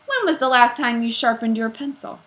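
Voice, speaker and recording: A woman voicing a gruff, suspicious male school principal who barks his questions loudly in a storybook reading. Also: a little high, sing-song, fairly quick, voice pushed up. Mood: interrogating. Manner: barking, loud interrogating.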